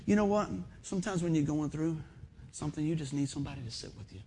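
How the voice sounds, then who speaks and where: A man preaching a sermon in a folksy storytelling manner, swinging from loud bursts to quiet asides. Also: a little high, quick pace, creaky. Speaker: pastor.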